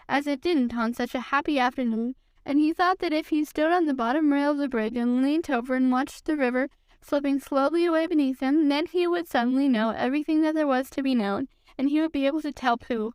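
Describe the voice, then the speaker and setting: A woman reading a children's storybook aloud, gently giving the characters light voices. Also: high-pitched, no room sound. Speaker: podcast reader.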